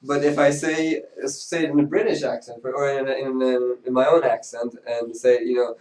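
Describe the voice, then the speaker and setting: A man in a casual group discussion, explaining his point with examples in a measured way. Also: medium pitch, steady tone, a little mellow. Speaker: discussion participant. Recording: roomy, slightly distant mic.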